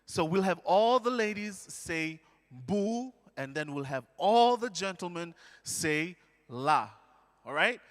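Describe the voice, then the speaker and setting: A man from Fiji, leading a live audience through a call-and-response lesson on stage with an energetic, coaxing manner. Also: high voice, slow pace. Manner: energetic, coaxing, counts the crowd in. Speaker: stage presenter teaching an audience. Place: large indoor hall, live event. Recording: echoey large hall.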